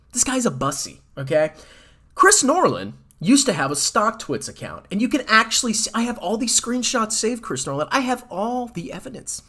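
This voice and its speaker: A male finance commentator delivers a heated, sarcastic rant, mocking his target as he goes. His pitch swings widely and his voice has a bright, forceful edge. He sounds like a host talking straight to his audience. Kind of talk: ranting commentary video.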